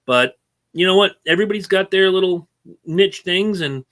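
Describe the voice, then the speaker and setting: A man co-hosting a casual racing podcast, opinionated and animated as he rants about rule changes. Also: sits high, normal speed. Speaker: co-host. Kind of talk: casual sports talk.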